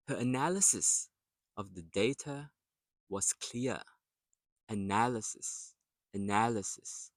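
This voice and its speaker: A man teaching English pronunciation, saying example words slowly and repeating them with clear syllable stress. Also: on the low side, dry recording.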